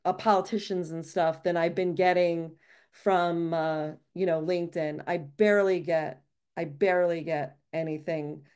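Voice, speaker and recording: A woman social media trainer walking viewers through a webinar screen-share, talking fast and chatty with frequent restarts. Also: mid-range voice, a little mellow, clean tone.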